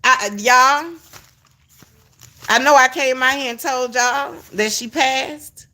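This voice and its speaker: A woman gives casual livestream commentary as an online commentator, speaking straight to her viewers, calling them "y'all," and breaking into fits of laughter. Her voice is high, pushed and bright, and she takes it slowly.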